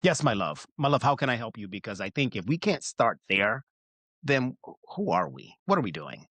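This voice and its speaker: A man's voice: mid-range voice, normal speed, dry recording. A man from Alabama, an actor, speaking earnestly and expressively in a casual interview. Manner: warm-hearted, expressive, earnest. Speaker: actor in a stage musical.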